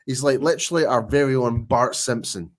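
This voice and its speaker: A very tired man co-hosting a casual fan podcast, teasing his friends in animated banter. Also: medium pitch, fairly quick. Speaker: podcast co-host.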